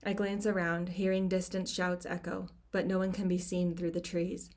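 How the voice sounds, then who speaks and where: A woman author reading her own novel aloud at home, dropping into quiet, hushed tones in the tense passages. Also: lowish voice, little pitch movement, normal speed. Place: home cabin.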